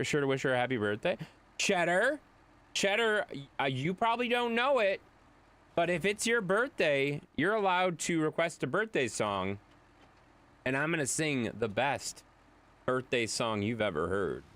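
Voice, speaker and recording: A man's voice: fairly high pitch, fairly bright tone. A man streaming live, chatting casually and rambling as he answers viewers' chat.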